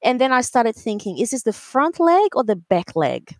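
A woman telling a story in a casual interview, animated and full of fillers, acting out other people's voices. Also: fairly high pitch, normal speed, no room sound. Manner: animated, acts out voices in quotes, many fillers. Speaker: alpaca breeder, guest.

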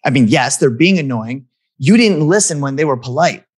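A man's voice: medium pitch, lively intonation, moderate pace, breathy edge. A man talking as a guest in an earnest, reflective conversation, restarting phrases as he thinks aloud.

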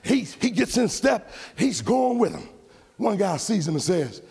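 A pastor preaching a sermon to his church, moving from loud shouted lines to quiet aside remarks. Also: high voice, very animated, unhurried, creaky, slightly rough, long reverb tail.

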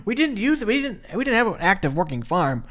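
Animated voice, profane casual storyteller. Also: mid-range voice, fast. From Minnesota. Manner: lively, swearing freely, many likes and restarts. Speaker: podcast co-host. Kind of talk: casual chat recapping a wrestling match.

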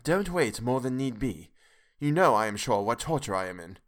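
A man's voice: lowish voice, expressive, fast, a bit bright, clear, resonant tone. A man voicing an anxious, impatient young Englishman in an audiobook, talking in an urgent, pleading way. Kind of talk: audiobook character reading.

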